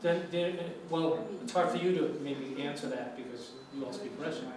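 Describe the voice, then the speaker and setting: Speaking at a moderate pace in a slightly high voice, an American man teaches English and chats with his class, questioning students as they discuss. The lecture room recording is distant and echoey with faint noise, and crowd noise can be heard.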